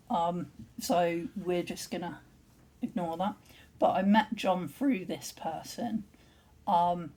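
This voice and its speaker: A woman chatting casually at home in a soft-spoken, giggly way. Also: lowish voice, slightly rough. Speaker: vlogger. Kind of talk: casual chat. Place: home living room.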